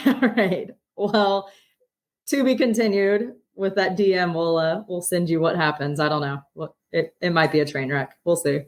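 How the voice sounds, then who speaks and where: Upbeat woman co-hosting a podcast, low voice. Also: normal speed, faint music behind. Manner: upbeat, laughs often, throws out ideas. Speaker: podcast co-host. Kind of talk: casual podcast chat.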